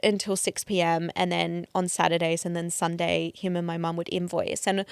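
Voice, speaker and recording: A woman's voice: lowish voice, flat delivery, normal speed, creaky, smooth, dry recording, clean studio sound. A woman, a podcast guest telling personal stories openly and emotionally, with lots of fillers. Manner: open, emotional storytelling with many fillers. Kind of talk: casual chat.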